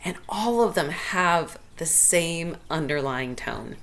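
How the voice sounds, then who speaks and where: A woman's voice: low-pitched, expressive, takes it slowly, a bit bright. A woman hosting her own show, talking earnestly and from the heart as she thinks aloud on her own. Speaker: podcast host. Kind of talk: solo reflective monologue.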